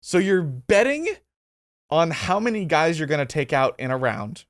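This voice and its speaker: A man's voice: fairly high pitch, big pitch swings, normal speed. A man co-hosting a casual tabletop gaming talk, reading rules aloud and then chatting about them, laughing easily. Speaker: co-host.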